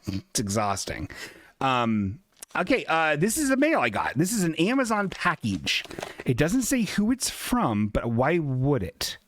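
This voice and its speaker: A man's voice: mid-range voice, fairly bright tone, no room sound, clean studio sound. A man hosting a comedic live-stream show who talks in a rambling, flustered, jokey way. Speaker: host.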